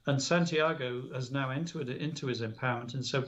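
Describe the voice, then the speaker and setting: A man's voice: medium pitch, normal speed, a bit bright. A man giving an earnest spiritual talk as a radio guest, retelling a story with quoted dialogue. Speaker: guest speaker on spiritual alchemy. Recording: dull lo-fi radio audio.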